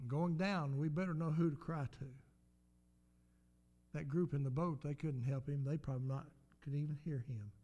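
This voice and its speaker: A man's voice: a little high, warm tone. A man preaching a sermon in an emphatic, repetitive cadence, with swells of volume.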